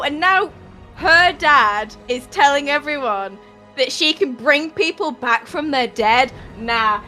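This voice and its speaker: Woman, tabletop player, excitable, bright, unhurried, faint music. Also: sits high. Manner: excitable, exclamatory. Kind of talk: casual chat in a tabletop game.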